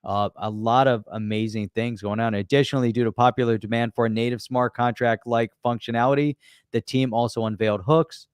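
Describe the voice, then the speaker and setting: A man's voice: mid-range voice, steady tone, a little fast, clean tone, no room sound, clean studio sound. A man co-hosting a casual chat, upbeat and hyping the topic, with plenty of fillers. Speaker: co-host.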